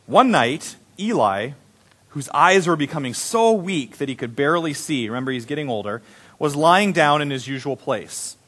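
A man's voice: on the high side, expressive, moderate pace, a bit bright. A male pastor giving a sermon in a conversational, playful storytelling manner.

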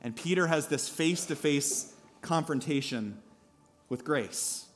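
A pastor preaching a sermon at a church service, telling a story in a lively way with asides to the congregation. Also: male voice, on the high side, measured pace, faint music behind.

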